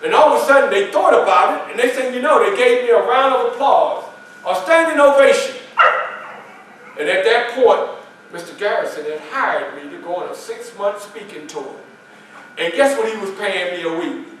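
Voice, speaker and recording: A man's voice: high-pitched, animated, moderate pace, fairly bright tone, slight background noise. A man performing a first-person historical portrayal, telling his story in a folksy, conversational way at a library event. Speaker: historical reenactor. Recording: echoey room, mic far off.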